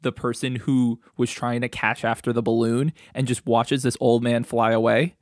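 A man's voice: medium pitch, flat delivery, normal speed, no echo. Laid-back male podcast co-host, rambling casual chat, close dry mic.

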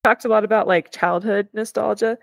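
A woman's voice: medium pitch, steady tone, a little fast, gravelly, dry recording, studio quality. A young woman, a mother and podcast co-host, talking earnestly and reflectively in casual chat with many filler words.

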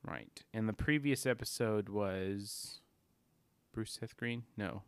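A man co-hosting a casual podcast, his voice smooth and resonant. He rambles, trails off, swears offhandedly and laughs in the middle of his sentences. The sound is dry and close to the mic. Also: fairly low pitch, slow pace, no echo. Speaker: podcast co-host. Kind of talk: casual chat.

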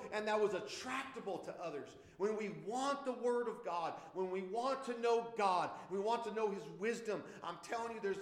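Male Bible study leader, high voice, fervent and repetitive, echoey room. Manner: fervent, repeats himself, bursts into praise. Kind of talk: informal preaching Bible study.

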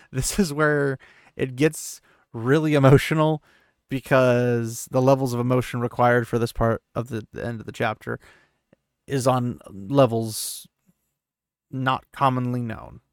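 Young guy doing a chatty book recap, gravelly voice, dry close sound. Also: mid-range voice, fairly even intonation, a little slow, dry recording. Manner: chatty, paraphrases with "he's like", self-corrects and laughs. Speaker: podcast host recapping a book. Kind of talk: casual book recap with read-aloud quotes.

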